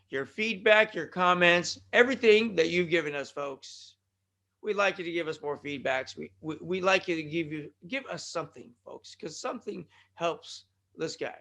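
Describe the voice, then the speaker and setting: High, bright-voiced rambling podcast host man. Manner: joking, self-deprecating, rambling with tongue-tied restarts. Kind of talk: rambling solo podcast monologue. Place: California.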